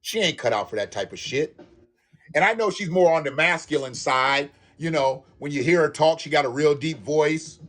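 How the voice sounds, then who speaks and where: A man's voice: on the high side, lively intonation, normal speed, fairly bright tone. Heated, profane man ranting on camera. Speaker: YouTube commentator. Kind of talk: angry ranting monologue.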